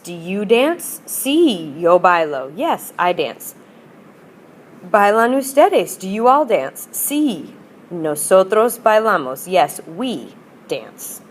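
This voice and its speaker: A woman's voice: lowish voice, slight background noise. A woman teacher explaining grammar in a patient, upbeat lesson and modelling example phrases for students. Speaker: Spanish teacher. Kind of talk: recorded classroom lesson.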